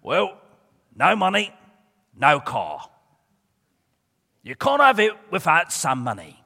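A man's voice: high-pitched, huge pitch swings, normal speed, gravelly, darkish tone, long reverb tail, pitched above the performer's own voice, heavily acted. A man voicing a sly, grasping male weasel who sells a car, haggling in a wheedling way.

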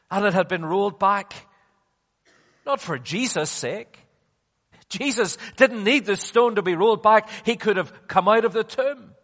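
A male preacher delivering a sermon, slow and emphatic, sinking to hushed tones and then rising again. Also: sits high. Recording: long reverb of a large hall.

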